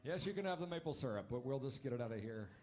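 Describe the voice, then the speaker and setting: A man in his thirties doing a stand-up comedy set on a club stage, wry and punchy, with quick asides to the crowd. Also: mid-range voice, expressive, a little mellow, a little hiss or hum.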